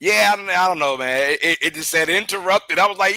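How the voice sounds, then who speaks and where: A man hosting a live baseball watch-along, giving casual play-by-play commentary that is chatty and excitable, with loud outbursts and laughter. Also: fairly quick, hardly any pauses, dry recording, rough recording. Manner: chatty, drifts into side talk between pitches. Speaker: host of a live game watch-along stream.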